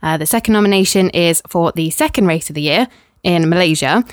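A woman co-hosting a podcast, reading a scripted comic awards segment in a dry, deadpan way. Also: on the low side, brisk, no room sound. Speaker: podcast co-host presenting awards.

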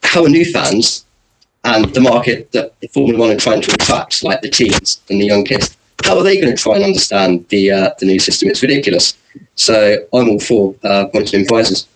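A man's voice: fairly low pitch, expressive, normal speed, background noise. A man sounding off as a podcast panel guest, indignant and filling gaps with ums. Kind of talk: casual panel chat.

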